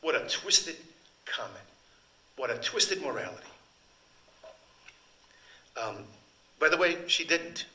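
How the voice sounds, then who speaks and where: An older man presents his translation in a chatty, digressive way in an event hall. His voice is slightly high-pitched, very bright and forceful, and the room sounds roomy and reverberant. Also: very animated, slow pace, pauses often. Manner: chatty, digressive, comments on the text. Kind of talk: book talk with readings.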